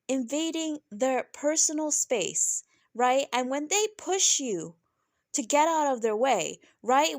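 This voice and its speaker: A woman reviewing a reality show in casual, opinionated talk, animated and often tagging "right?" onto her points. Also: no echo, clean studio sound. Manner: animated, keeps asking "right?"; laughs often, mimics people in high voices.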